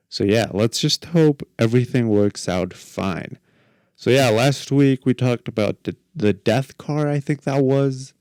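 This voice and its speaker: A man's voice: lowish voice, darkish tone, clear, resonant tone, dry recording, clean studio sound. A man in his twenties hosting a podcast solo, rambling casually with lots of fillers and jokes. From Mexico. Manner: rambling, filler-heavy, joking. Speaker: podcast host.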